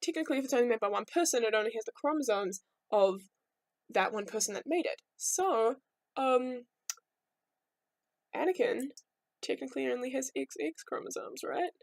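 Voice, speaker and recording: A woman's voice: high-pitched, animated, moderate pace, gravelly, long pauses, no room sound. A young woman telling myths as a casual, rambling vlog story, full of irreverent asides. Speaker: vlogger.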